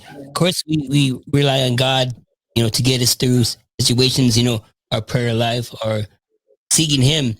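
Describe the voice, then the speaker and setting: A man's voice: mid-range voice, steady tone, normal speed, dry recording, poor audio. Reassuring man hosting a faith podcast. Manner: reassuring, many "you know" fillers. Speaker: podcast host.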